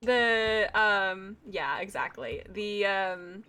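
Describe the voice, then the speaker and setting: A woman's voice: mid-range voice, extremely slow, sharp tone, clean tone. A young woman with an Atlantic Canadian accent and a slight Valley Girl sound, chatting casually and rambling with frequent laughs while streaming a game. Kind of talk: casual chat while gaming.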